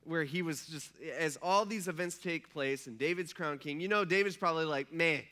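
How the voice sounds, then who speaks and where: A man's voice: a little high, fairly quick, sharp tone. A male pastor preaching a sermon in a casual storytelling way, slipping into the characters' voices as he retells the story. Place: church.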